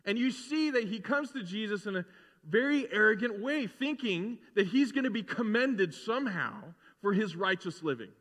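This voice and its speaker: Pastor, male, high voice; conversational sermon with playful asides, long hall reverb. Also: animated, normal speed, a bit bright.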